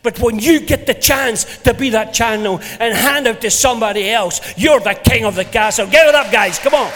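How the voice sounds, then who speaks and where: High-voiced Scottish preacher in a reverberant hall. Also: male voice, normal speed, faint music behind, some chatter behind. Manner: lively storytelling preacher, playful and animated. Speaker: pastor. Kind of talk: sermon. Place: church hall.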